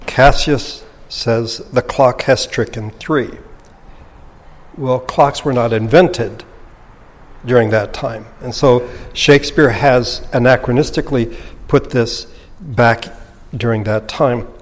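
A man giving a thoughtful, measured Bible lesson, explaining a passage with occasional restarts. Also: medium pitch, big-room sound. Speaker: Bible teacher. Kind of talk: lecture-style Bible teaching.

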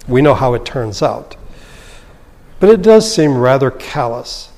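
A man's voice: mid-range voice, big pitch swings, measured pace, long pauses, a little mellow. Man teaching a Bible lesson, reverberant room. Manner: reads scripture aloud, then comments in a conversational, explanatory way.

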